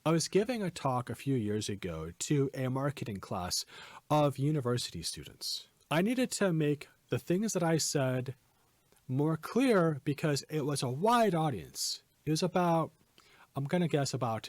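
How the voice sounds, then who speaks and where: A man hosting a podcast lesson, giving presentation tips in a clear, emphatic, teacherly way. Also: medium pitch, sing-song, normal speed, no room sound.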